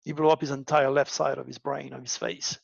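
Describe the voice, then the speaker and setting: A man's voice: mid-range voice, little pitch movement, a little fast, creaky, breathy edge, no echo, muffled recording. A man telling a personal story in a dramatic monologue, often repeating words for emphasis. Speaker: astrology show host.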